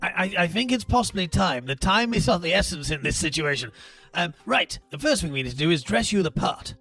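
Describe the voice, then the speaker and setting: A man voicing a calm, measured rebel commander in a tabletop role-play, a little hesitant. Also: sits high, breathy edge, faint music behind, exaggerated voice.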